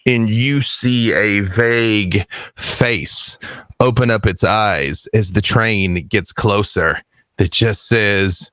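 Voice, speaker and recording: Male game master, unhurried, bright voice, dry recording. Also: fairly low pitch, clean tone, dry recording. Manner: measured, vivid storytelling. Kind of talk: descriptive tabletop narration.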